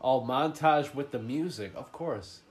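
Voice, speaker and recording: A man's voice: mid-range voice, a little slow, faint music behind. A man hosting a podcast, chatting casually about a movie while he watches it, swearing often and mocking the plot. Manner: profane, joking, mocking the plot. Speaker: podcast host.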